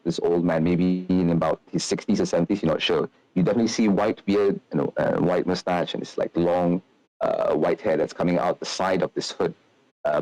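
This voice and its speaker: Low-voiced male game master, rambling narration, dry sound. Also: a little mellow, no room sound, poor audio. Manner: rambling, filler-heavy description.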